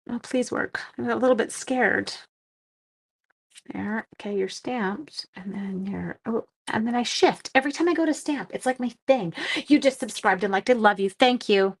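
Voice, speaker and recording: A middle-aged woman from Canada hosting a papercraft live stream, chatting casually and self-deprecatingly with viewers while she works. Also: fairly high pitch. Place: home craft room.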